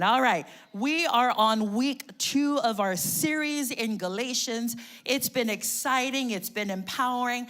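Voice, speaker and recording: A woman pastor preaching a lively call-and-response sermon. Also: a little high, normal speed, few pauses.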